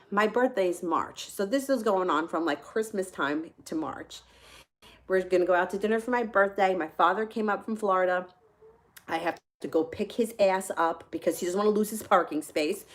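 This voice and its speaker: A woman's voice: medium pitch, a bit bright. A woman hosting a tarot channel, telling a personal story casually and candidly, laughing often and swearing freely. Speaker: tarot reader and channel host.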